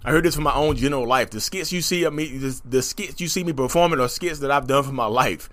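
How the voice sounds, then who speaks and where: A man talking straight to his audience in an emphatic, rapid, repeating monologue about his own journey. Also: mid-range voice. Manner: animated, emphatic, rapid, repetitive. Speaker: content creator talking about narcissism. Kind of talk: animated direct-to-camera monologue.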